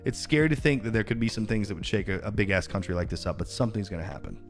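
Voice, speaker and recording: A man's voice: fairly low pitch, racing, soft background music. A man ranting on a casual livestream, heated and profane, greeting viewers in between.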